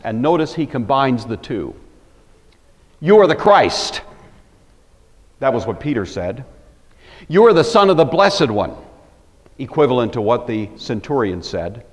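A man teaching a Bible lecture, telling the story with animated emphasis. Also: medium pitch, big-room sound.

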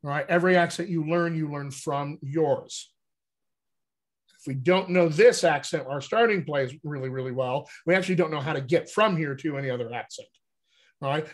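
An American man coaching actors on accents, speaking in a fairly high voice. He explains his points over a video call and keeps checking that the listeners follow him. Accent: General American. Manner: animated teaching, frequent "all right?" check-ins. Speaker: dialect coach. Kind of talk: casual video call chat.

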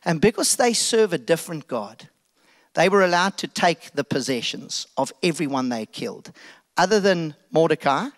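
Male pastor, south african accent, high pitched, very lively delivery, casual sermon. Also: normal speed. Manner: animated, casual, jokey retelling. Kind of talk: sermon storytelling.

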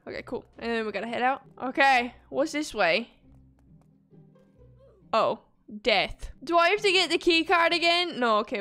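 A woman giving excitable commentary while playing a video game, gasping and squealing at every obstacle. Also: sits high. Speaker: gaming video creator. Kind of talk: playthrough commentary.

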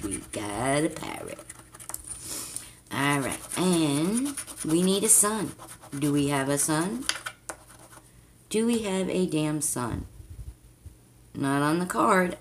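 A woman's voice: lowish voice, slight background noise. A woman chatting casually to her viewers as she plays a scratch-off card, with mild cursing. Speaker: vlogger.

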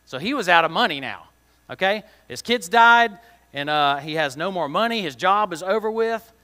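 Male kids' church teacher, chatty and questioning; bright, slightly high voice. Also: lively intonation, normal speed. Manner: chatty, asks kids questions, plain slangy words. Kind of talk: children's Bible lesson. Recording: long reverb of a large hall.

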